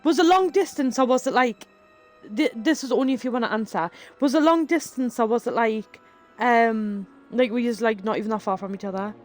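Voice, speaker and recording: A young Geordie woman chats away on a live stream, her voice sitting a touch high. She giggles often, leans on "like" and reads her viewers' messages aloud. Soft music plays faintly behind her. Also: a little fast. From North East England. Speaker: livestreamer. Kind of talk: casual chat while reading live chat.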